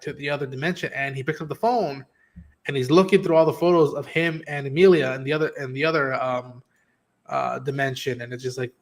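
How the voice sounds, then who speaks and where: A man hosting a casual review stream, talking animatedly with plenty of swearing. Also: medium pitch. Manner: animated, profane, acts out quotes. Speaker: stream host. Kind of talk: casual spoiler review chat.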